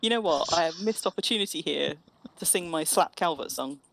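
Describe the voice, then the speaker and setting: A woman's voice: on the low side, fairly quick, creaky, slight background noise. A woman chatting casually and teasingly while streaming an online game. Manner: chatty, teasing, restarts phrases. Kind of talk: casual gaming chat.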